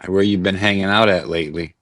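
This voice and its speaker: A man's voice: sits low, fairly even intonation, fast talker, fairly bright tone, no echo. A man hosting a casual comedy chat, laid back, greeting viewers and feeding his guest. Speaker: show host.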